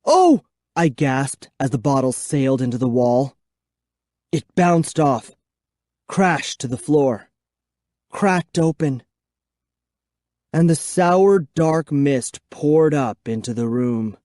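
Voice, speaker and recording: A man reading a children's horror book aloud in first person, with a measured, suspenseful delivery. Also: medium pitch, a little mellow, dry recording, studio quality. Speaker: audiobook narrator. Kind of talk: scripted first-person narration.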